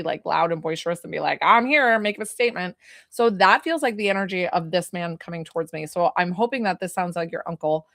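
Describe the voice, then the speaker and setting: A woman's voice: fairly low pitch, a bit bright, no room sound, studio quality. A woman working as a psychic medium, giving a live reading in a chatty way full of "like" fillers. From New York.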